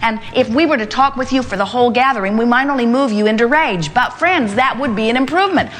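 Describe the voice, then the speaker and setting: A woman's voice: a little high, quick pace, fairly bright tone, slight background noise. An older woman giving an emphatic inspirational talk to a live audience, speaking as "we" and building her points through repetition. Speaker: spiritual speaker addressing an audience.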